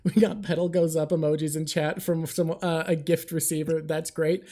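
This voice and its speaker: A woman hosting a live stream in casual chat, excitable, swearing, and talking in rushed bursts while thanking viewers. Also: low-pitched. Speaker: livestream host.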